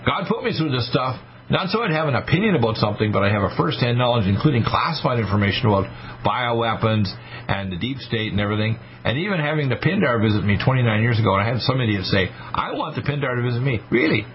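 A man in his sixties hosts a radio talk show, speaking fast in a medium-pitched, animated voice. He tells stories emphatically and acts out the voices of those he quotes. The broadcast sounds slightly muffled, with faint noise.

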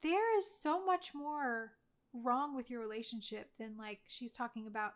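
A woman with a fairly high voice talks through a film review, chatty and effusive, her sentences running on with fillers. She sounds like a podcast co-host in easy conversation. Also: animated, moderate pace. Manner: chatty, gushing, lots of "like". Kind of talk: casual movie review chat.

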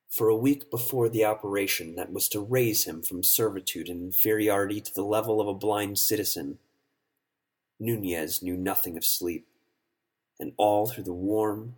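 A man narrating an audiobook story in a measured, solemn way. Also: on the low side, husky.

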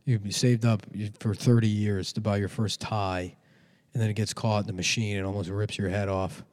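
A man's voice: on the low side, little pitch movement, moderate pace, darkish tone. A man co-hosting a casual comedy podcast, rambling through profane riffs. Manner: rambling, profane, riffing bits. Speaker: podcast co-host.

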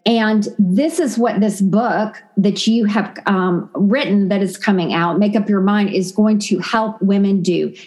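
A woman's voice: medium pitch, unhurried, few pauses, darkish tone. A woman hosting an interview, asking questions with many hesitations and fillers. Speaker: interview host.

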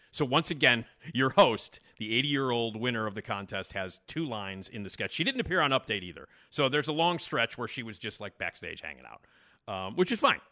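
A man's voice: fairly low pitch, sharp tone. A male podcast host giving rambling casual commentary with lots of fillers.

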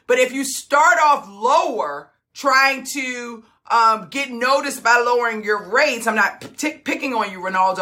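A woman's voice: a little high, bright, forceful tone. A middle-aged woman hosting a group coaching call, talking in a fired-up, emphatic way. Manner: fired-up, emphatic, laughs often. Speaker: host.

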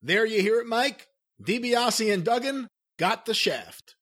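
A man's voice: high-pitched, big pitch swings, measured pace, a bit bright. A man hosting a casual commentary chat, leading the talk and cueing clips. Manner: leads the talk, cues clips. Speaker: podcast host.

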